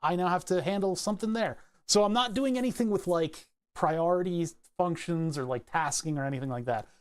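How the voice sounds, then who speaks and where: Give me a slightly high-voiced man casually explaining his code, rambling and laughing at himself. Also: a little mellow. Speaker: hobbyist electronics maker.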